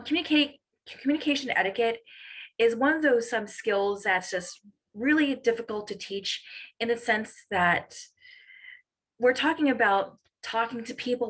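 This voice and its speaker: Woman presenting communication etiquette, halting. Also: fairly high pitch, a bit bright, rough recording. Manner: halting, restarts and rephrases. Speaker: webinar presenter. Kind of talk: instructional talk to high school students. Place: online webinar.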